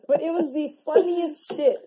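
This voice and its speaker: A woman's voice: high voice, steady tone, normal speed, dark tone. A young woman chatting casually on a house tour, telling a story while breaking into giggles. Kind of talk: casual chat.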